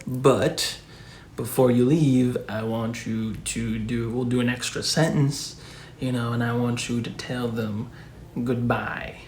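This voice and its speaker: A man hosting a casual lesson who speaks patiently and repeats each phrase slowly. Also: mid-range voice, level tone, darkish tone. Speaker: language teacher, channel host. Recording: echoey room with faint music.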